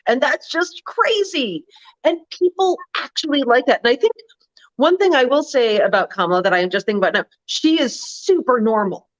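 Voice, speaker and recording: Woman co-host, loose chatty political talk, higher voice, dull recording. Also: animated, normal speed. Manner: chatty, lots of "like", mimics others in put-on voices. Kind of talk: casual political chat. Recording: muffled lo-fi audio.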